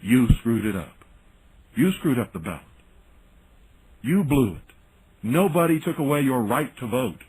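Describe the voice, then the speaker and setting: A man's voice: medium pitch, big pitch swings, measured pace, pauses often, darkish tone, breathy edge, rough recording. A man hosting a radio talk show, delivering an indignant, sarcastic monologue. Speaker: radio host.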